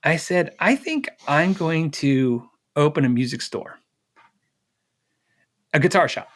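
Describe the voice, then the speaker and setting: A man's voice: fairly high pitch, lively intonation, slow pace, a bit bright. A middle-aged man, a guest on an interview, telling a personal story casually, acting out the dialogue with fillers and laughs.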